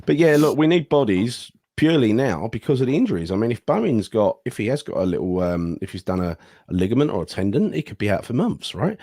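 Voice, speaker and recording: A man's voice: mid-range voice, fast, dry recording, clean studio sound. A man co-hosting a football podcast, chatting casually and bluntly with lots of questions. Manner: animated, questioning, blokey. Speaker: podcast co-host.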